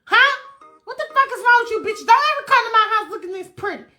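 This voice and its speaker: A hot-tempered young woman singer barks out orders and insults, high and bright, in quick cursing bursts, played by a woman. Her voice is sharp and bossy. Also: expressive, reverberant, faint music behind, full character voice. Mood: furious.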